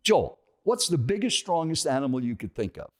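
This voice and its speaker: A man's voice: on the high side, sing-song, moderate pace, voice pushed up. A man voicing a blunt, preachy male stranger who lectures about food within a story. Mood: lecturing. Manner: scolding, lecturing. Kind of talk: storytelling with acted dialogue.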